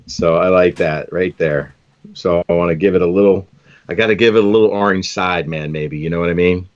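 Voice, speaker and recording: A man's voice: low voice, normal speed, dull audio. Chatty man tying lures on a stream. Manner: chatty, enthusiastic, says "man" often. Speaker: host tying fishing lures. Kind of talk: casual live-stream chat.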